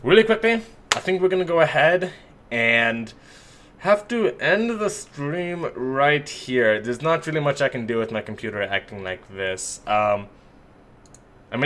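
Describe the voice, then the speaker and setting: A man's voice: fairly high pitch, animated, moderate pace, a bit bright. A man casting a live esports match and talking to his stream viewers, chatty and joking at his own expense. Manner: joking, self-mocking, chatty.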